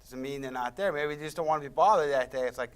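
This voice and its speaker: A man's voice: medium pitch, quick pace, smooth. A man appearing as a paranormal investigator on a TV talk show, talking in an easygoing, speculative way. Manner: easygoing, speculative, with filler restarts. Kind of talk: casual studio chat. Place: public-access TV studio.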